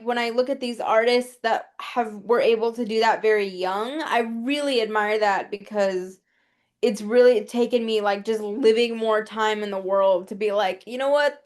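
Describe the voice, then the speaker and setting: Thoughtful woman guest, slightly high voice. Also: steady tone, moderate pace. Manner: reflective, thoughtful, lots of "like". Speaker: podcast guest. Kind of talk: casual conversation over video call.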